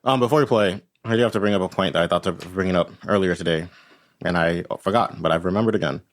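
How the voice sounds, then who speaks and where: A fast-talking man with a low-pitched voice runs a tabletop game. As game master he rambles in a casual way, punctuating his points with "right?".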